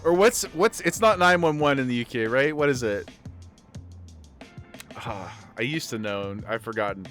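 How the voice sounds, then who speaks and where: A man streaming casually, chatting loosely and getting excited, swearing freely and repeating himself. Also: medium pitch, moderate pace, long pauses, over music. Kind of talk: casual livestream chat.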